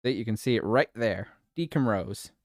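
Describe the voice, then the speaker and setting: A man's voice: lowish voice, moderate pace, no echo, clean studio sound. A man streaming live, chatting casually with his viewers, giggling a lot and swearing playfully.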